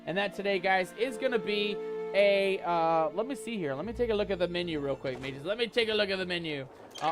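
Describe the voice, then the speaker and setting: A man streaming a cozy game, talking to his chat in a playful pirate-themed showman manner. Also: high voice. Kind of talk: hyped live game stream commentary.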